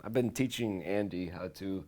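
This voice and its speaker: A man's voice: low-pitched, normal speed, dark tone. A man appearing as a podcast guest, playful and giggly in casual comedic chat.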